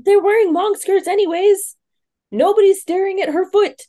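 A woman's voice: very high voice, steady tone, moderate pace, mellow. A woman co-hosting a book podcast, chatting casually and venting with emphasis. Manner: emphatic, vents frustration. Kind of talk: casual chat.

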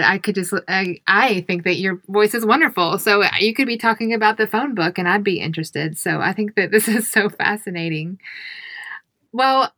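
A woman hosts a podcast interview. She asks questions in an enthusiastic, chatty way. Her voice is mid-pitched and recorded dry and close. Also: fairly bright tone, no room sound. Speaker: podcast host.

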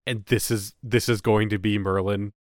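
A man co-hosting a casual show recap, often slipping into quick voices for the characters he quotes. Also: on the low side, fairly even intonation, dry recording, studio quality. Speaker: podcast co-host.

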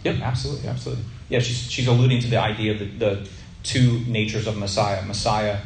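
A man teaching to a small group in a sermon style, telling a personal story and slowing down to stress key words. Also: on the low side, steady tone, reverberant, slight background noise, low-quality recording. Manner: conversational, stretches key words slowly for emphasis.

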